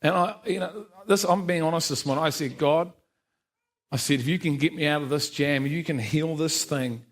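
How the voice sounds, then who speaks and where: A man's voice: fairly high pitch, normal speed. A middle-aged man gives his personal testimony in church, telling it as a self-deprecating story and acting out the lines of the people in it. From New Zealand. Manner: self-deprecating storyteller, laughs often, acts out quoted dialogue. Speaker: church speaker giving testimony. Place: church service.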